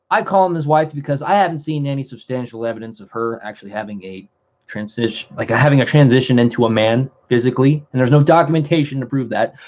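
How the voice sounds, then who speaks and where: A man's voice: fairly high pitch, a little mellow, lo-fi sound. A man hosting a commentary livestream, ranting in a heated, profane, rambling way with frequent restarts. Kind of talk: live commentary rant.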